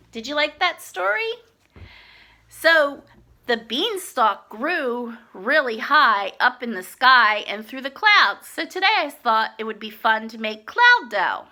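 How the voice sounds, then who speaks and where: Bright, sing-song woman storyteller. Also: on the high side. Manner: slow, sing-song and expressive for young children. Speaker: children's storyteller and craft host. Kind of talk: reading a picture book aloud, then a craft demo.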